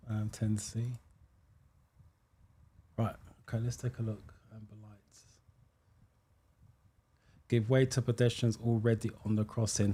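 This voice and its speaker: A man's voice: on the low side, mellow. A British man hosting a live driving theory stream, chatting casually as he reads viewer comments and explains answers. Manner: chatty, thinks aloud, many ums, thanks viewers.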